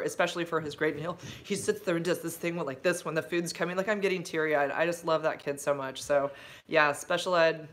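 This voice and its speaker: A woman chatting on a casual livestream from her phone, rambling through stories with lots of fillers and answering viewer comments as they come in. She jumps into bright, gushing outbursts when she gets excited. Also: fairly low pitch. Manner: rambling and chatty, full of fillers and side-tracks. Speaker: livestreaming vlogger and substitute teacher.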